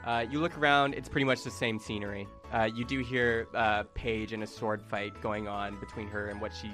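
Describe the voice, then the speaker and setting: A man's voice: on the low side, moderate pace, faint music behind. A young man narrating as game master, giggly and full of fillers. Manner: giggly, filler-heavy, lively.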